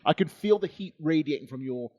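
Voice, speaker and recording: A man co-hosting a podcast, throwing in crude jokes and quick quips. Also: fairly high pitch, animated, a little mellow, muffled recording. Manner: jokey interjections, crude quips. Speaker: wrestler and podcast co-host. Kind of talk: casual banter.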